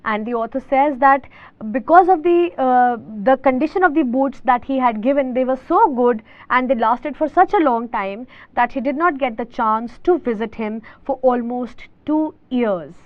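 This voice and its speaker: Woman, teacher, reading then paraphrasing a story, higher voice, dry dull recording. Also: normal speed, no echo. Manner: reads a line aloud then paraphrases it, with fillers.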